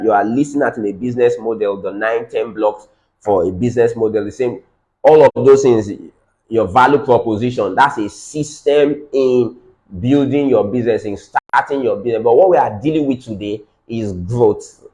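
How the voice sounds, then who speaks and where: A man with a Nigerian accent leads a business training session at an ordinary middle pitch. He hammers his points home by repeating phrases over and over and keeps asking the listeners if they follow. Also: moderate pace, a little mellow, low-quality recording. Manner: repeats key phrases for emphasis, quizzes the audience.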